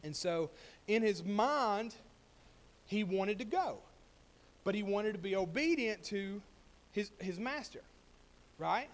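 A man's voice: high voice, lively intonation, slow pace, pauses often. A man preaching a sermon, telling a story and building to emphatic, rising points. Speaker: pastor.

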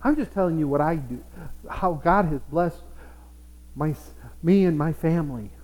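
Male pastor mid-sermon, slightly high-pitched, earnest and repetitive, long church reverb. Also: moderate pace, a little mellow. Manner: earnest, repeats himself, acts out what believers say. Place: church sanctuary. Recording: long echo of a church hall.

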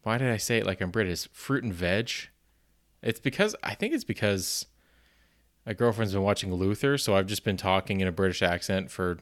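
Fairly low in pitch and fairly quick, the man's voice moves with lively intonation. Hosting his podcast alone, he talks casually and meanders, poking fun at himself, saying "you know" a lot and swearing once in a while.

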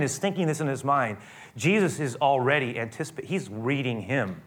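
Storytelling preacher with hushed asides. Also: male voice, medium pitch, lively intonation, normal speed. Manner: storytelling with frequent restarts, swinging from hushed to emphatic. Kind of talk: sermon.

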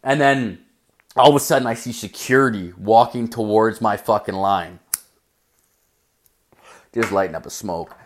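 A man's voice: on the low side, a little slow, pauses often. A young man telling a personal story in a casual, rambling way, swearing constantly and filling his sentences with "like".

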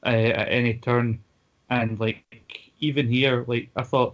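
Man on a podcast going off, flat voice, muffled lo-fi audio. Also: mid-range voice. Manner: fast, filler-heavy ranting. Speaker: podcast co-host. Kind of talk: casual podcast chat.

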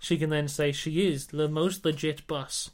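High-voiced man hosting a podcast. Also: fairly even intonation, a little slow. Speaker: podcast host. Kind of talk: casual podcast predictions.

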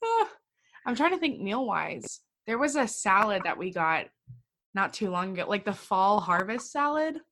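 A woman hosts a casual podcast chat with a bright, sunny tone. She gushes with enthusiasm and breaks into laughter often. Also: mid-range voice, very animated, moderate pace. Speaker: podcast co-host.

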